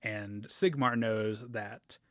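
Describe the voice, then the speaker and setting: A man's voice: on the low side, fairly even intonation, slow, fairly bright tone, no room sound, studio quality. A man hosting a casual podcast, recapping fantasy game lore in a rambling way with fillers and frequent laughs. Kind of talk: casual chat.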